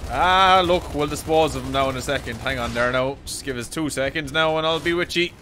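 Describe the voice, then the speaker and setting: An Irish man commentating as he plays a shooter game, excitable and swearing freely, often yelling at enemies. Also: on the high side, a little fast, slight background noise. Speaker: streamer. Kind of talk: gameplay commentary.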